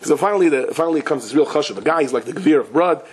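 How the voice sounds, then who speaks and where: A rabbi telling a story in a Torah class in a lively way, who often laughs and breaks into excited character voices. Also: male voice, fairly high pitch, very fast. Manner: laughs often and restarts sentences.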